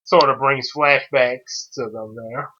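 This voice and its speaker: A man's voice: medium pitch, steady tone, takes it slowly, sharp tone. A man hosting a casual chat, talking hesitantly with lots of "uh" and "um" fillers. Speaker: host. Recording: dull lo-fi audio.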